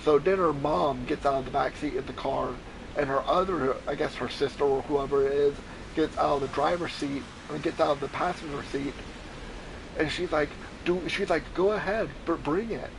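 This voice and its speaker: A man's voice: a little high, normal speed, vocal fry, background noise. A man streaming a flight game, telling a long profane story in a rambling, casual way. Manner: profane, rambling, animated retelling. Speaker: gamer streamer. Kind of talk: casual storytelling over gameplay.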